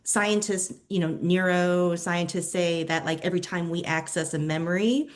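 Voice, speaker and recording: A woman's voice: lowish voice, fairly even intonation, moderate pace. A young woman hosting a podcast interview, building long, thoughtful questions with fillers as she goes. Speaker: podcast host. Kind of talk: casual interview.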